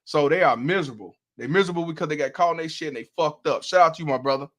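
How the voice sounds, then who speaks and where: A man's voice: fairly high pitch, racing, fairly bright tone. A man hosts a live stream, reacting to a played clip with loose, profane commentary. He laughs often and speaks bluntly in a slightly raised voice. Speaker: host.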